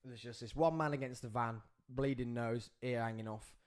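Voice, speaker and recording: A man, hosting a podcast and telling a story in an animated, excitable way, with big swings in pitch and loudness as he acts out the scenes. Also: normal speed. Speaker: podcast host.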